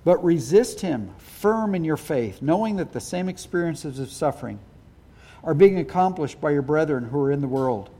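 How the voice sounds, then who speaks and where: A man's voice: fairly high pitch, animated, normal speed, mellow. A middle-aged man preaching a sermon as pastor, speaking earnestly and with emphasis.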